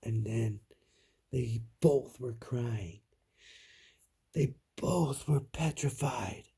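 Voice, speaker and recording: A man spins a scary bedtime story at a crawl, his low voice full of gravelly fry. The tone is dark and very husky, sinking to whispers at the tense parts. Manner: slow, hushed, dropping to whispers for suspense. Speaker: parent telling a bedtime story.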